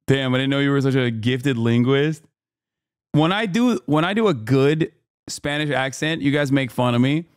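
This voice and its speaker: A man's voice: mid-range voice, animated, normal speed, clean tone, dry recording, clean studio sound. A man in his thirties doing casual, sarcastic live-stream commentary while reacting to videos, swearing freely.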